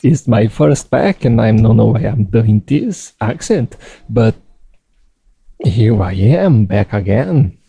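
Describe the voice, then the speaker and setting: A man giving casual video game commentary from his computer at home, relaxed and thinking aloud with chatty asides. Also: lowish voice, slow pace, creaky, breathy edge, no room sound, rough recording. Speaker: game caster. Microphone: desk microphone.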